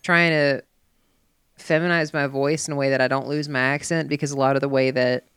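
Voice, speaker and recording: A woman's voice: very deep voice, fairly even intonation, a little fast, fairly bright tone, smooth, no room sound. A woman chatting casually and candidly, swearing freely and rambling with fillers. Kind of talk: casual chat.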